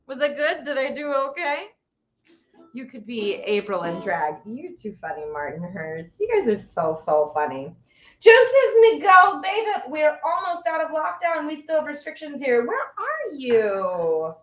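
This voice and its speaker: A woman's voice: high-pitched, sing-song, a little slow, a bit bright, roomy sound, lo-fi sound. A woman hosting a casual live stream, chatting with viewers and reading out their comments. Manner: chatty, reads out viewer comments, stumbles over long words. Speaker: livestream host.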